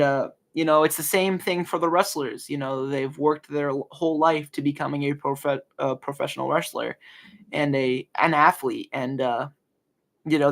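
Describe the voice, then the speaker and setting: A man's voice: mid-range voice, gravelly. A young man in his early twenties hosting a casual solo podcast, talking earnestly with many fillers and restarts. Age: early 20s. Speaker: podcast host.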